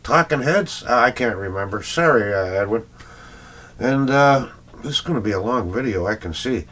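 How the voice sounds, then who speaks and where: A man's voice: medium pitch, expressive, normal speed, a bit bright. A middle-aged Canadian man, a record collector, chatting in a rambling casual vlog full of fillers and little chuckles.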